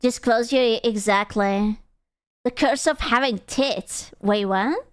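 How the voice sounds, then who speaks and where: Brief: woman streamer, casual crude banter with chat, high and clear, dry mic. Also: takes it slowly, no echo. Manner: crude, joking, reacting to chat.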